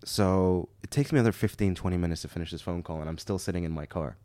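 A man's voice: low voice, quick pace, warm tone, dry recording. A young man from Canada casually telling a story on a podcast, laughing as he acts out the other people's lines.

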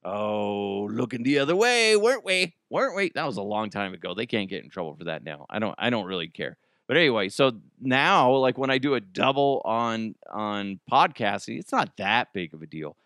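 Lively jokey male podcast host. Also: on the low side, brisk, hardly any pauses, no echo, studio quality. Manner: rambling, jokey, riffing into silly voices. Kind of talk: casual solo podcast chat. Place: home basement.

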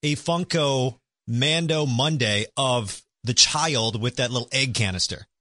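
A man co-hosting a podcast, telling things in an excited, animated way during casual chat. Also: mid-range voice, a little slow, no room sound. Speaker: podcast co-host.

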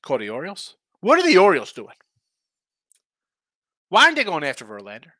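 A man's voice: high voice, wildly swooping pitch, fairly quick, bright, forceful tone, no echo. A man hosting a sports betting show, talking casually and rambling through opinionated takes full of rhetorical questions.

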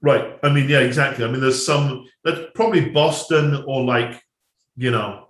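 A man's voice: medium pitch, normal speed, a bit bright. Rambling male director, roomy sound. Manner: rambling, many restarts and asides, laughs at own jokes. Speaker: film director guest. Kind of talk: casual anecdote-telling.

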